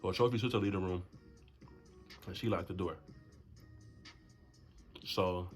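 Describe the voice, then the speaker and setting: A young man tells a story in a casual storytime vlog, animated and slangy. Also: unhurried, faint music behind. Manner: animated, swings to high voices for quotes. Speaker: storyteller vlogger.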